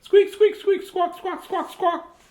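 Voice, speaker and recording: A man voicing a tiny, fearless female songbird in a picture-book reading, all high squeaks and squawks. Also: flat delivery, slow, a little mellow. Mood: chirpy.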